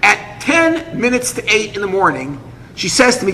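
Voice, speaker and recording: A man, a rabbi, telling a dramatic personal story with vivid acted dialogue and quick asides. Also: high-pitched, sing-song. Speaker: rabbi, speaker. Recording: echoey hall with faint noise.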